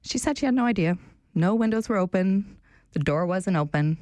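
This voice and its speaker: A young woman hosting a talk radio show, telling a story in a chatty, animated way. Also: mid-range voice, normal speed, dry recording. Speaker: radio show fill-in host. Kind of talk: casual talk radio chat.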